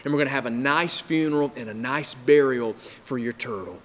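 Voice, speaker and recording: A man voicing a kind mother comforting her young son in a gentle, soothing way within a sermon story. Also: mid-range voice, fairly quick, in a large hall, pitched below the performer's own voice, natural voice.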